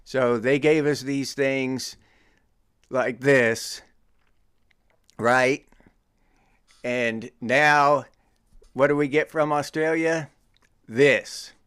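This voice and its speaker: A man's voice: medium pitch, fairly even intonation, very slow, long pauses, fairly bright tone, clean tone, no room sound, studio quality. A middle-aged American man hosting his own show, teasing and joking in casual commentary with frequent chuckles. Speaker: podcast host.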